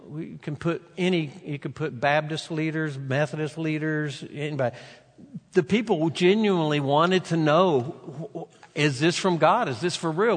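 A man preaching a sermon, retelling a scripture story with animated voices for the characters. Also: a little high. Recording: long reverb of a large hall.

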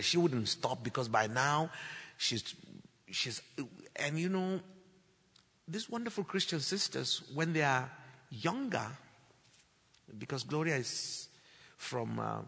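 A man preaching a sermon, telling a story and acting out the dialogue, building to loud declarations. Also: medium pitch, creaky, husky. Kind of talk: sermon testimony. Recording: long hall reverb.

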